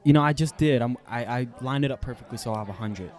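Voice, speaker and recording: An American man co-hosting a podcast, rambling deadpan through an improvised comedy date with lots of fillers. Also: medium pitch, fast talker. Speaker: podcast co-host.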